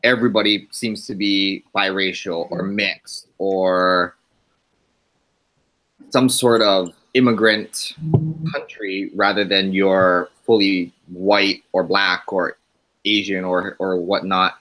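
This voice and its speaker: A man's voice: low-pitched, steady tone, takes it slowly, sharp tone, low-quality recording. A man from Hawaii who grew up there, talking reflectively in a class discussion with fillers and restarts. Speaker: graduate student in a class webinar. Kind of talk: casual discussion.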